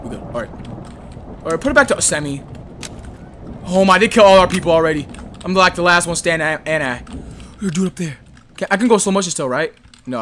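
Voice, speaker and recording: Man, gameplay commentary, high pitch, wildly lively, shouty and slangy, game gunfire behind. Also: slight background noise. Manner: excitable, yelling and slangy, swinging from mutters to shouts. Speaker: gaming YouTuber.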